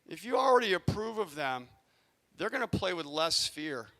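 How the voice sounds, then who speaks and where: A man who coaches youth sports, telling a coaching story to a community audience and acting out his own yelling from the sidelines. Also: high voice, normal speed. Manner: animated, acts out yelling in his stories. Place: arena event space.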